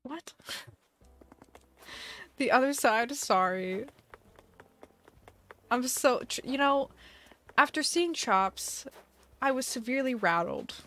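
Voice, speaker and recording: A woman's voice: high-pitched, lively intonation, takes it slowly, long pauses, pushed and bright. A young woman live-streaming a video game, chatting casually with a giggly, dramatic manner and mock panic.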